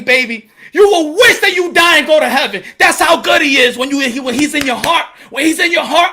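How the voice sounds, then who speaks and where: Here the boxing host talks fairly quickly, his voice very high-pitched. He preaches passionately to the camera in blunt slang from the street, regularly bursting into shouts.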